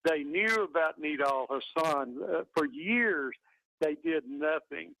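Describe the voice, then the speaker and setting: Caller guy with a bad cold, gravelly, kinda high voice, dry sound. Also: lively intonation, slow, bright, forceful tone, dry recording, low-quality recording. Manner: earnest, indignant. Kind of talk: call-in talk radio.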